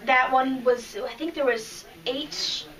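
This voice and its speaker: A woman with a high, bright voice chats eagerly about her reading, getting emotional and tripping over her sentences. She sits some distance from the microphone, so she sounds slightly far off. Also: steady tone, slow pace. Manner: chatty and emotional, with frequent restarts. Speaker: podcast co-host. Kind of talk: casual chat reviewing comics.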